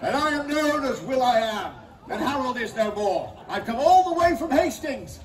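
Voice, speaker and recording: A man playing a hurried conquering king. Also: very high-pitched, big pitch swings. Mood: brisk. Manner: brisk, comic. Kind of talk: amateur folk play performance. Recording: echoey distant outdoor stage with crowd.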